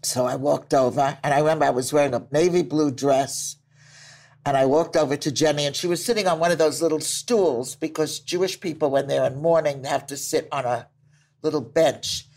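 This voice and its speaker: An older woman and grandmother telling family stories with a lively, laughing delivery and acted-out quotes. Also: sits low, a little fast. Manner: lively storyteller who laughs easily and acts out quotes. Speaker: grandmother interviewed by her grandson. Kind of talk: family storytelling.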